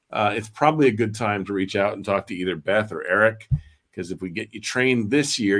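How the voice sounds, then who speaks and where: Low-voiced man hosting a casual live stream. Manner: rambling, with many fillers and restarts. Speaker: host.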